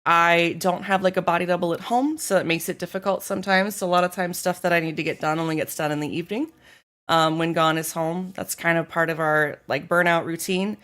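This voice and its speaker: A woman's voice: fairly low pitch, steady tone, brisk, a bit bright. Subdued woman streamer thanking chat. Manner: candid, apologetic, thanks viewers by name. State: feeling unwell, low energy. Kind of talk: casual live-stream chat.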